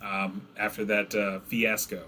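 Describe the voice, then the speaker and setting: Bright-voiced man running a tabletop game. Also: on the low side, unhurried, slight background noise. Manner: animated, acts out player reactions with laughs. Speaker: game master.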